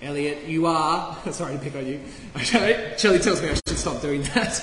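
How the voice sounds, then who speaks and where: A man's voice: fairly high pitch, moderate pace, a bit bright, a little hiss or hum. A man preaching as a pastor, playfully quizzing the children during a sermon. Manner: playful, asks the kids questions. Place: church. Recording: echoey church hall, faint ambience.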